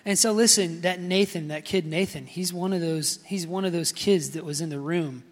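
A man's voice: on the high side, normal speed, long reverb tail. A man preaching a sermon with personal stories, talking casually with many fillers and calling out to the congregation.

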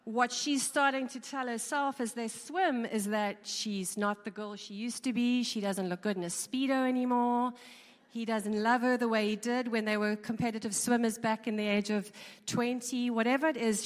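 A woman's voice: a little high, fairly even intonation, normal speed. Woman, informal talk to an audience, conversational, repeats words, long hall reverb. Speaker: speaker.

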